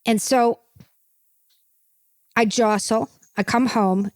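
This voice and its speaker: A woman's voice: a little high, fairly even intonation, takes it slowly, darkish tone, no echo, studio quality. Rambling gossipy woman podcast host. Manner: rambling and gossipy, tacking "okay?" onto her points. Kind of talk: comedic podcast chat.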